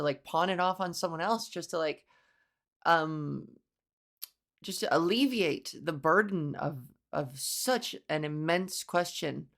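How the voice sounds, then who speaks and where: A woman comedian hosting a solo podcast, talking in a blunt, profane, riffing way. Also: on the low side. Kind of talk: casual solo podcast monologue.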